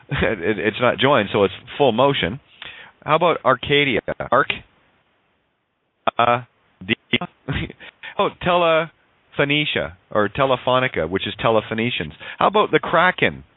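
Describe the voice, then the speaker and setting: A man hosting a call-in radio show, rambling excitedly, swearing freely and laughing often as he plays with the sounds of words. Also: mid-range voice, a little slow. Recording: tinny phone-like online call audio.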